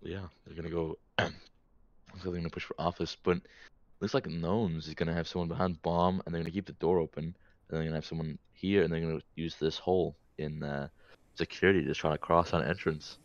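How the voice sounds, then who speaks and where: A man giving relaxed esports color commentary, recapping the plays step by step. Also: deep voice, brisk, no room sound, muffled recording.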